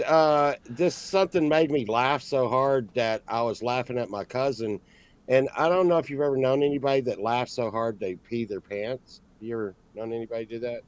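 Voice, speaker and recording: A middle-aged man telling a rambling, halting story in a casual podcast chat. His voice sits in the middle of the range, recorded dry and close. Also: medium pitch, no room sound. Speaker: podcast co-host.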